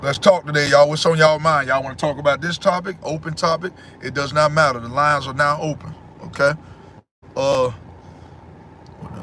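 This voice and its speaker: A man hosting a casual livestream, answering his chat in a loud, preachy way and repeating phrases. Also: fairly high pitch, steady tone, normal speed, slight background noise.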